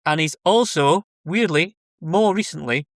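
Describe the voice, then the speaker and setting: A man's voice: fairly high pitch, measured pace, dry recording, studio quality. A Scottish man joking wryly as a podcast guest in casual chat. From Scotland. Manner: wry, joking.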